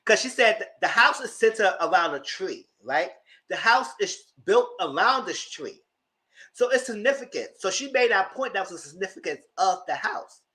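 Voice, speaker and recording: High, lively man dishing TV gossip. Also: moderate pace. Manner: gossipy and dramatic, talks to the audience as "girl". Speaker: TV recap vlogger. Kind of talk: casual reality-TV recap commentary.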